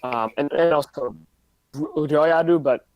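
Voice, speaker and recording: A man's voice: a little high, a little slow, a little mellow, dry recording, rough recording. A man chatting on a podcast call, enthusiastic but full of fillers, through a mic that glitches. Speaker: podcast co-host. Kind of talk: casual chat.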